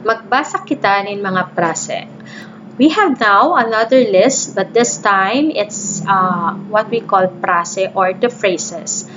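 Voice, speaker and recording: Slow-paced woman teaching reading. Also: mid-range voice. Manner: slow, explains in English mixed with Bikol, reads syllables aloud. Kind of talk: recorded reading lesson. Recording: dull lo-fi recording with faint noise.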